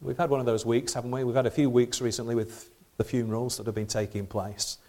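A man's voice: medium pitch, little pitch movement, fast talker, a little mellow. A middle-aged man giving a sermon in a conversational way, with rhetorical questions and frequent restarts. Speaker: preacher.

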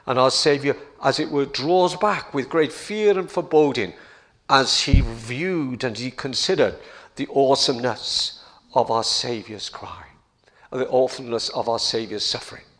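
A man preaching a sermon in a slow, deliberate way, repeating key phrases and building to emphatic passages. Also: medium pitch, fairly bright tone.

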